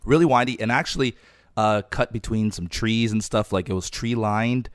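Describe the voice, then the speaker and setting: Soft-spoken man with a strained voice. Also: lowish voice, moderate pace, no echo, studio quality. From Canada. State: losing his voice, speaking softly. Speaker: podcast host. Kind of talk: casual podcast chat.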